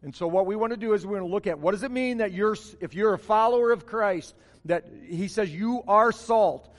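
A man's voice: high voice, a little fast, big-room sound. A man preaching a morning sermon as pastor, stressing key phrases by repeating them.

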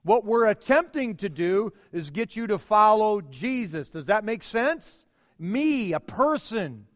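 A middle-aged male pastor preaching a sermon, emphatic, with dramatic pauses and repeated phrases. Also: high-pitched, sing-song, in a large hall.

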